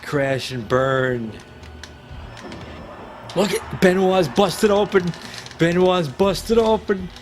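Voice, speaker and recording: A male streamer reacting to a wrestling game in real time, excitable and foul-mouthed. His voice sits a little high and his delivery is slow and drawn out, with faint music playing in the background. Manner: excitable, swearing, trash-talking the game. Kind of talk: profane live gameplay commentary.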